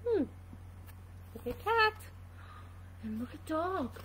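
A woman reading a storybook aloud for children, high and bright. She takes her time and swings her pitch widely, pausing to wonder about the pictures. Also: a little hiss or hum, poor audio. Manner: animated, asks questions about the pictures. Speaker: reader for children.

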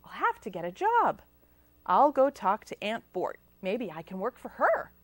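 A woman voicing a fretful, kindly young witch who loves cats, in a high, excitable voice. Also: unhurried, no echo.

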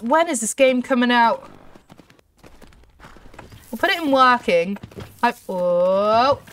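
A woman hosting a gaming channel, giving excitable let's-play commentary full of gasps and exclamations. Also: on the high side, far from the mic, slight background noise. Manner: excitable, gushing, lots of exclamations.

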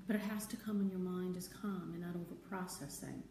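A woman hosting a live stream as a spiritual teacher, talking gently and conversationally, answering viewer comments and repeating her key phrases. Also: lowish voice, steady tone, a little fast, soft background music. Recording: roomy, distant mic, faint ambience.

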